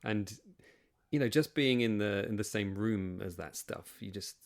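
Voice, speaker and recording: A man's voice: on the low side, a little slow, vocal fry. A man hosting a podcast, reacting appreciatively and chatting with his guest. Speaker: podcast host. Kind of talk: casual interview.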